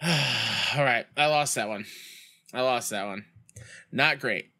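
A man's voice: medium pitch, takes it slowly, bright, forceful tone. A young man streaming a baseball video game, chatting casually with his chat and telling stories, with outbursts when plays go wrong. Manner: reads chat aloud and tells rambling school stories.

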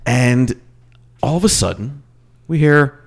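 A man telling a story in casual group chat, animated and profane, laughing often. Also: medium pitch, slow pace, creaky.

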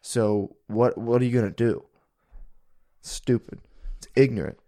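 A man's voice: medium pitch, fairly even intonation, measured pace, dark tone. A young man co-hosting a podcast in casual chat, joking and swearing freely. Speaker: podcast co-host.

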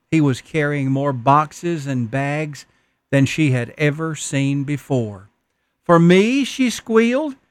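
A man's voice: a little high, no room sound. A man preaching a Christmas sermon, telling stories in an earnest, folksy way. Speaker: pastor.

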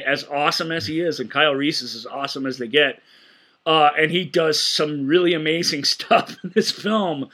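A man's voice: on the high side, sharp tone. A man co-hosting a casual film podcast, retelling scenes with enthusiasm and frequent stammered restarts. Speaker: podcast co-host.

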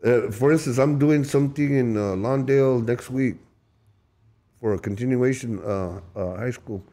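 A man's voice: mid-range voice, normal speed, mellow. A man telling his recovery story in an emphatic, profane, emotional way, often repeating and restarting his words. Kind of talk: candid storytelling.

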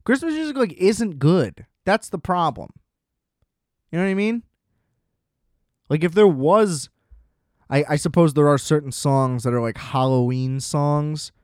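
A man's voice: fairly high pitch, lively intonation, a little slow, pauses often, a little mellow, no room sound, studio quality. A young man hosting his own podcast, ranting in a profane, sarcastic, casual way. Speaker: podcast host. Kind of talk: casual solo rant.

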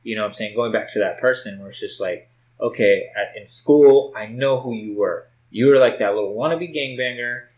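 A man's voice: medium pitch, normal speed, a little mellow, poor audio. A man in casual podcast chat, telling a story loosely and with swearing, recorded at home on a test mic. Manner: loose, profane storytelling with lots of "like". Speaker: podcast co-host.

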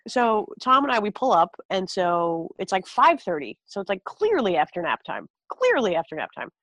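A woman guest on a podcast, telling a story excitedly with frequent laughs. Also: medium pitch, normal speed, no room sound. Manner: excitable, laughs through stories, gets loud. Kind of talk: casual chat.

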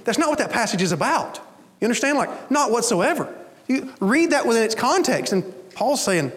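A man preaching a sermon as pastor, in a relaxed conversational way that keeps checking in with the congregation. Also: very high voice, normal speed, big-room sound. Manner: conversational preaching, asks the congregation "you understand?".

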